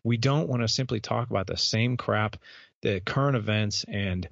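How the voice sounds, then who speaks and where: A man's voice: fairly low pitch, moderate pace, vocal fry, fairly bright tone, no echo. A man in his thirties, a podcast host, telling a candid personal story in an interview, earnest and repeating words as he goes. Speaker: podcast host and guest speaker. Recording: dull, lo-fi sound.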